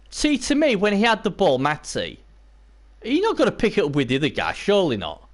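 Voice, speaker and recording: A man casting a video game match live, hoarse and losing his voice, chatting to viewers and breaking into excited yelps. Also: fairly quick. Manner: excitable, bursts into high yelps and cheers; chatty, talks to viewers and chat by name. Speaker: live stream commentator. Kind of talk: casual video game commentary.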